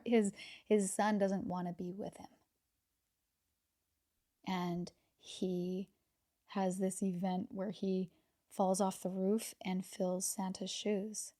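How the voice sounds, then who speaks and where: Woman podcast host, chatty and earnest, slips into soft, breathy asides. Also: medium pitch. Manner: enthusiastic, drops to soft near-whisper when moved; repeats words while searching for thoughts. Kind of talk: casual reflective monologue.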